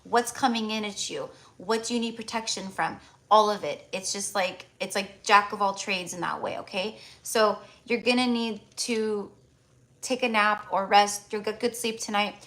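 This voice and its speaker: A woman's voice: medium pitch, fairly bright tone. Chatty woman giving a live tarot reading. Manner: chatty, heavy use of "like" fillers; affectionate, addresses viewers as "my love". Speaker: tarot reader hosting a live stream. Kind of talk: casual live-stream reading.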